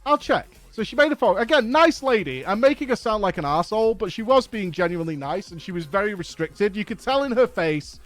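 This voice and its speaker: A man streaming a game from home, telling a story in a casual, animated, exasperated way and swearing often. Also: high voice, fast talker, hardly any pauses, faint music behind.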